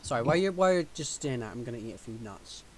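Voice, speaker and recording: A man's voice: mid-range voice, expressive, fast talker, a crowd in the background. A man co-hosting a casual podcast chat, full of teasing jokes and banter. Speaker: podcast co-host.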